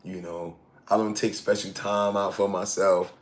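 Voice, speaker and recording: A man's voice: low-pitched, little pitch movement, a little slow. A man in his sixties casually chatting on a live stream, reading viewer comments aloud and laughing often. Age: 60s. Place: outdoors in hot weather in Thailand.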